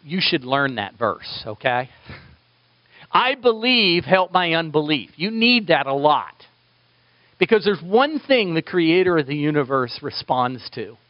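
A male pastor preaching a sermon, swinging from loud, high pleading prayers down to hushed near-whispers. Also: very animated, measured pace, no echo, highs cut off.

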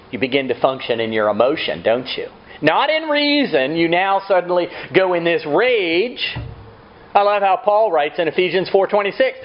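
A man's voice: high-pitched, lo-fi sound. A man preaching a sermon, asking rhetorical questions and acting out quotes. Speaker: pastor.

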